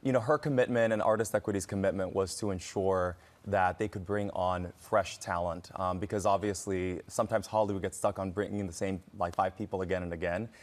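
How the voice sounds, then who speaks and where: A man's voice: sits low, brisk, few pauses. A man, an actor guest, animatedly telling stories in a morning TV studio interview, laughing often. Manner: animated, expressive storyteller who laughs often.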